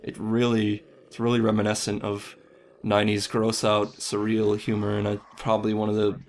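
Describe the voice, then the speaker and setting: A man's voice: on the low side, completely flat delivery, normal speed, slight background noise. A young man, an animator, talking casually in an interview, rambling and self-deprecating, with casual swearing.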